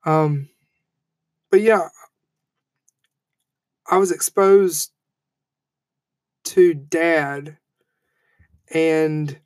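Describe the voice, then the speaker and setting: A man in his thirties giving a heartfelt eulogy, halting and emotional, with frequent fillers and restarts. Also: fairly high pitch, a little mellow, smooth, dry recording. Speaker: eulogy speaker. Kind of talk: personal eulogy speech.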